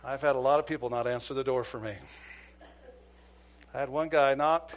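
A man's voice: medium pitch, fast talker. Preacher in his fifties telling a police story. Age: 50s. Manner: dramatic storytelling, acts out dialogue, swings from shouting to near-whisper. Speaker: preacher and former police officer. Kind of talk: sermon with storytelling.

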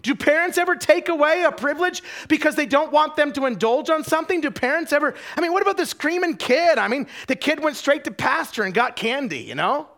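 A man with a high voice preaches a sermon in a church. He tells personal stories in a lively, animated way and keeps turning to the congregation with rhetorical questions, often stumbling and repeating a word as he starts a sentence. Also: brisk, hardly any pauses.

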